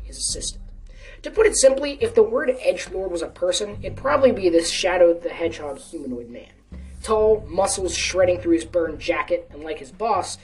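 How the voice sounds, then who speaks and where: A woman's voice: lowish voice, darkish tone. A woman narrating a story in a casual reading voice, now and then correcting herself. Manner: casual, with small self-corrections. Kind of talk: storytelling reading of a fan fiction. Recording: distant mic with faint music.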